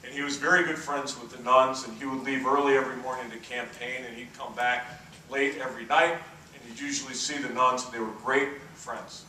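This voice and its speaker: A man's voice: mid-range voice, fairly even intonation, fairly quick, sharp tone, slight background noise. A man in his fifties giving a keynote at a conference, telling stories and checking in with the audience. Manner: anecdotal storyteller, checks in with the audience. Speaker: keynote speaker. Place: conference hall. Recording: echoey hall from far off.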